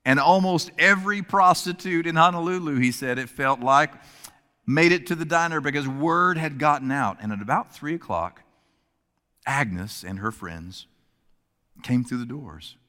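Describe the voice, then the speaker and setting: A male preacher telling a story in a sermon, animated, shifting his voice to act out the characters, heard in a church hall. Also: on the high side, moderate pace. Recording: long hall reverb.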